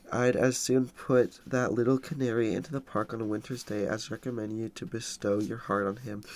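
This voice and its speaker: A man reading the lines of a sharp-tongued, proud young mistress in a novel, with small stumbles. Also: lowish voice, close to an everyday voice. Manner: read plainly with small stumbles.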